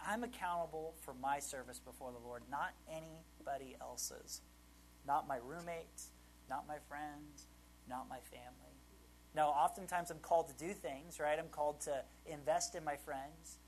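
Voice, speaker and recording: A man's voice: fairly high pitch, slight background noise, low-quality recording. A man preaching a sermon in an informal, conversational way, often checking in with his listeners. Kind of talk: conversational Bible teaching.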